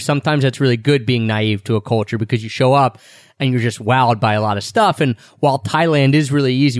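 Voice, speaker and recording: A man's voice: medium pitch, no room sound, studio quality. A young man co-hosting a casual travel chat, talking in a rambling, self-deprecating way. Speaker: travel podcast co-host.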